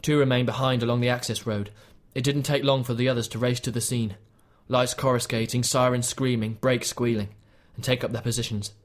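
A man narrates a novel in a measured, steady storytelling voice. His pitch sits in an ordinary middle range, and he keeps an even delivery throughout the narration. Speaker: audiobook narrator. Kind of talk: scripted narration.

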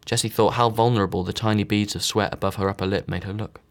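A man's voice: lowish voice, fairly even intonation, fast talker. A man narrating a novel, reading all the characters with slight voice shifts. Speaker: audiobook narrator. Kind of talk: scripted narration.

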